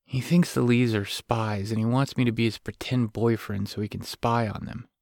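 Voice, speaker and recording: A man voicing a weary, protective single father who talks in a gentle, low-key way. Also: brisk, no echo, clean studio sound, natural voice. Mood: calm, explaining.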